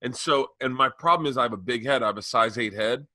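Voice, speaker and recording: A man's voice: medium pitch, quick pace, sharp tone, dry recording. A man co-hosting a podcast, telling rambling, profane comedic stories in casual chat. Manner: rambling storyteller, acts out exchanges. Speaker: podcast co-host.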